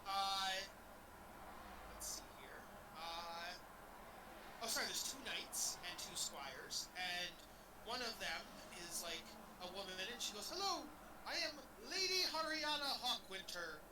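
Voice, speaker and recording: High-voiced halting game master. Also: male voice, recorded from a distance, heavy background noise. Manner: halting, full of uhs. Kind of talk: narrating a tabletop game.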